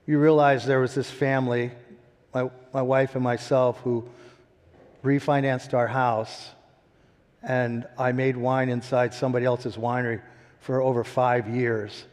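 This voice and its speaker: A man in his sixties telling his story as a winery founder, animated and laughing often. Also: mid-range voice, in a large hall. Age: 60s. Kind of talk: storytelling interview.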